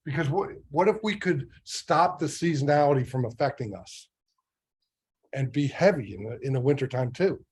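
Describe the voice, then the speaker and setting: A middle-aged man leads a motivational business training session for sales agents. He talks casually and keeps checking in with "right?" and other rhetorical questions. His pitch sits right in the everyday male middle. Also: animated, normal speed, a little mellow, husky. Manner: conversational, full of rhetorical questions. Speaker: real estate sales trainer.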